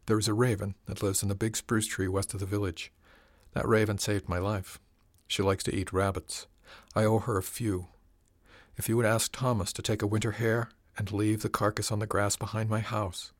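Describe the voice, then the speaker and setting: Guy reading sick old lady, feverish, halting short phrases, low voice, dry sound. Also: little pitch movement, no echo, close to an everyday voice. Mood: earnest. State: weak, feverish. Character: old woman healer, feverish and weak, stubborn. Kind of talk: audiobook character reading.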